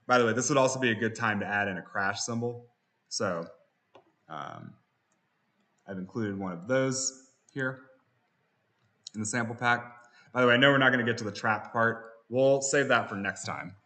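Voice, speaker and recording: A man walks through a music production lesson in a relaxed, unscripted way, often stopping on fillers and restarting phrases. His voice sits somewhat low and carries a bright, forward tone. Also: normal speed, pauses often. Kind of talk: software tutorial.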